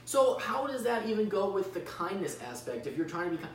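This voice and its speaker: A man's voice: high voice, sing-song, a little fast, far from the mic. A man co-hosting a podcast, chatting casually with wry, sarcastic asides. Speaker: podcast co-host. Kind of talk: casual chat. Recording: echoey room, mic set back, faint hiss.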